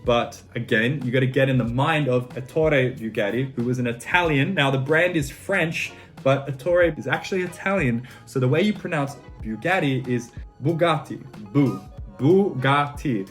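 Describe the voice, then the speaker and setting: A man's voice: medium pitch, normal speed, hardly any pauses. Brief: Australian male host, playful and self-deprecating, over-enunciates words in a casual tutorial, light music behind. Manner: joking, self-mocking, emphatic. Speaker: car video host. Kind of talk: comedic pronunciation tutorial.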